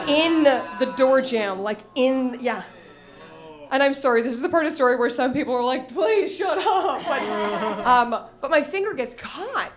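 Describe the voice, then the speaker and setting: Animated self-mocking woman storyteller, high voice. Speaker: stand-up comedian. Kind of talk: live comedic storytelling.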